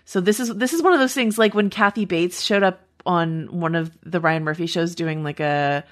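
Lady podcast co-host just chatting, kinda low voice, rambly and laughy. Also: normal speed. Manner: chatty, laughs easily, trails off into asides. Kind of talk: casual chat.

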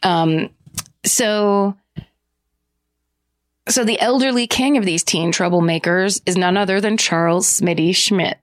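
A woman's voice: medium pitch, unhurried, pauses often. A woman co-hosting a podcast, telling a true-crime story in a chatty, joking way with lots of fillers. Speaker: podcast co-host.

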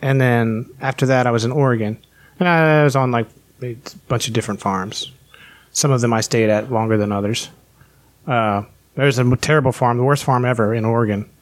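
A man's voice: medium pitch, steady tone, a little fast. A man on a podcast telling his life story in casual chat, candid and full of swearing. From West Virginia. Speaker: podcast guest.

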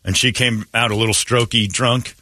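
A man's voice: mid-range voice, steady tone, moderate pace, pushed and bright, no room sound. A man hosting a morning radio show, rambling through blunt, opinionated stories in casual chat from a studio mic.

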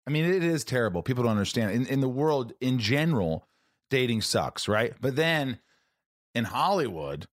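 Lively-voiced male podcast host asking questions. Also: mid-range voice, moderate pace. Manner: curious questioning, laughing along. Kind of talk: casual interview chat.

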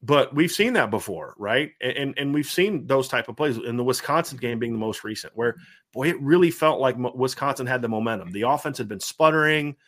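A man with a Southern American accent hosting a casual sports podcast, talking quickly and animatedly with lots of fillers and restarts. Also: medium pitch, lively intonation, fairly bright tone. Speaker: podcast host.

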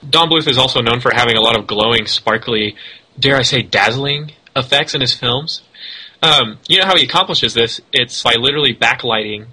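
A man co-hosting a podcast, chatting casually and critiquing an animated film in an animated, rambling way with self-corrections. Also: medium pitch, a little fast, husky, rough recording. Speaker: podcast co-host. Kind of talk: casual film review chat.

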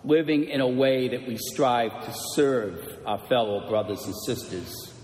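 Guy preaching a sermon real slow and measured, middle voice, big echoey church sound. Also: mid-range voice, darkish tone. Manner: slow, measured storytelling delivery. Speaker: priest. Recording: echoey church with long reverb.

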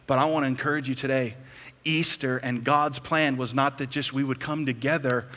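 A man preaching an Easter sermon as pastor, moving between hushed, drawn-out lines and loud, fast bursts. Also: medium pitch. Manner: animated, swings between hushed and loud emphasis. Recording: long hall reverb.

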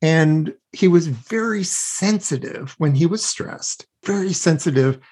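Husky-voiced male expert guest, earnest explainer, walks through examples. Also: a little high, lively intonation, measured pace, a little mellow. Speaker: guest expert on child self-regulation. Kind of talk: explanatory interview talk.

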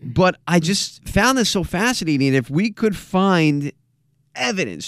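A man's voice: high-pitched, sing-song, normal speed, no echo. A man hosting a podcast in casual chat, joking and stressing his points with emphasis. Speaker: podcast host.

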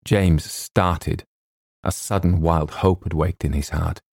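A man's voice: sits low, fairly even intonation, slow pace, gravelly, darkish tone, husky, no echo, clean studio sound. A man narrating a comic short story in a droll, wry storytelling manner. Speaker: audiobook narrator.

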